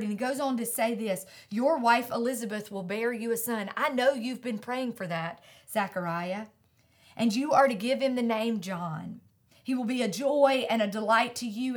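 A woman pastor preaching a sermon, stressing repeated refrains slowly and sometimes dropping to a hushed whisper. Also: fairly high pitch.

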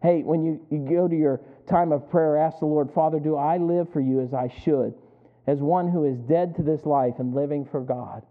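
A man preaches a sermon, telling stories animatedly and asking the congregation to fill in the ends of his phrases. His voice is a little high at normal speed, and the recording sounds tinny, like a phone.

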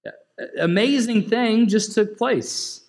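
Man, pastor, high-pitched voice, chatty sermon, questions to the congregation. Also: slow, a little mellow. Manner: conversational preaching, asks the congregation questions, laughs.

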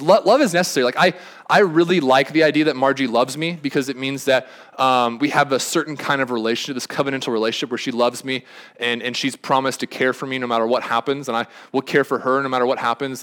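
A man's voice: medium pitch, fairly bright tone. A young man preaching a sermon as a pastor, talking conversationally with frequent restarts and asides. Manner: conversational, rambling with many restarts.

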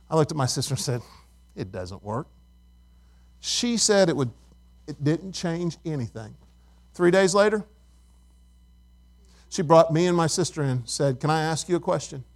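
Pastor, middle-aged man with a high voice, conversational preaching that questions the congregation. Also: animated, moderate pace, pauses often. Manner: conversational, asks the congregation questions, tells stories. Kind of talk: sermon.

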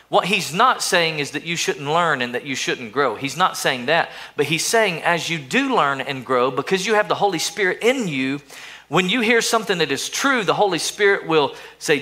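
Bright-voiced pastor preaching casually. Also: male voice, on the high side. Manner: conversational preaching, repeats words, quotes inner voices in a softer tone. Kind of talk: sermon. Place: church service.

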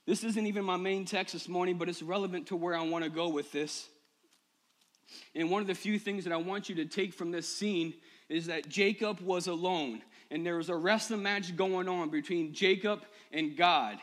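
High-voiced man preaching a sermon. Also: steady tone, moderate pace. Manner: personal, builds to impassioned shouting. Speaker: pastor. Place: church sanctuary.

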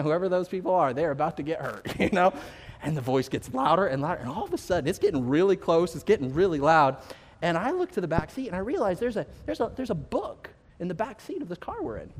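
A male pastor telling a personal story in a sermon, building to slow, emphatic declarations. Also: sits high. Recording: long hall reverb.

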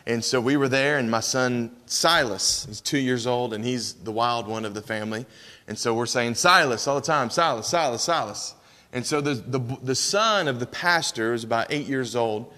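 A man's voice: mid-range voice, bright, forceful tone, big-room sound. Southern man telling stories in church. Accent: East Tennessee Southern. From East Tennessee. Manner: folksy storytelling with restarts. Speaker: missionary speaker. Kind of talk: church missions presentation. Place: church sanctuary.

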